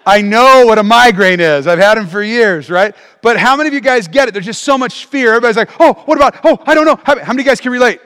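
High-voiced pastor preaching in a reverberant hall. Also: male voice, quick pace, few pauses, smooth. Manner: animated, call-and-response with the congregation. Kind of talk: sermon. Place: church auditorium.

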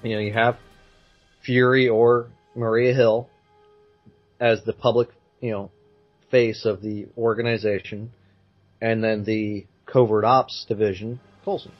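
A man's voice: on the low side, little pitch movement, unhurried, pauses often, muffled recording, soft background music. A man co-hosting a casual podcast, giving his views with many "you know" fillers. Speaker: podcast co-host. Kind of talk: casual chat.

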